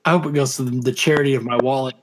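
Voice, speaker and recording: A man's voice: medium pitch, steady tone, very fast, slight background noise. A man co-hosting a podcast in casual banter, rambling and cracking dry jokes. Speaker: podcast co-host.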